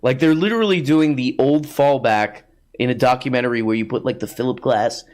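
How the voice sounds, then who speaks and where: A man's voice: medium pitch, brisk, darkish tone. A man hosting a show, riffing in sarcastic, casual comedic commentary. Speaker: podcast host.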